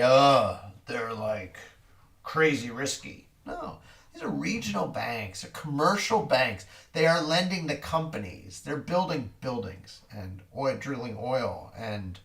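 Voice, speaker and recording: Gravelly-voiced man musing on markets. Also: fairly high pitch, a bit bright, distant mic. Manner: rambling, wry, tells corny jokes. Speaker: financial market commentator. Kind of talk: casual market commentary.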